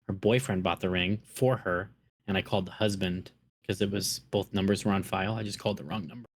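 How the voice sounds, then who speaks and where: Low-voiced Minnesotan man, casual podcast chat. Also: steady tone, brisk. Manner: profane, storytelling, laid-back. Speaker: podcast co-host.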